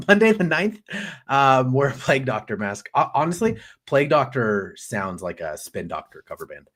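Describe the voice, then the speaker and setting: A man hosting a live pop culture news show, animated and jokey, swearing casually as he chats. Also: mid-range voice. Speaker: host.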